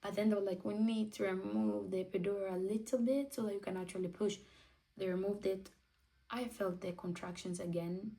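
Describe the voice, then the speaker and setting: A woman's voice: mid-range voice, warm tone, recorded from a distance, low-quality recording. A twenty-year-old woman telling a personal story in a candid, emotional way, acting out what she and others said. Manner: candid, emotional, acts out her own quotes. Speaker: vlogger.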